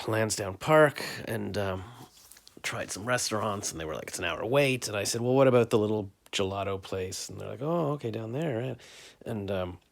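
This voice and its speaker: Middle-aged guy rambling about his day on his phone at home, lowish voice, kinda self-mocking. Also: gravelly. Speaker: vlogger. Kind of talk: casual daily recap vlog. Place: bedroom at home. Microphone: phone camera.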